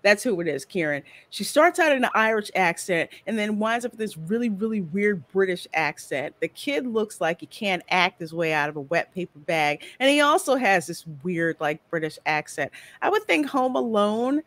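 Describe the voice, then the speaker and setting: A woman's voice: mid-range voice, very animated, moderate pace, hardly any pauses, a bit bright, dry recording. A woman hosting a casual livestream chat about movies and reading out viewer comments. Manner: chatty, reads viewer comments aloud. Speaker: livestream host.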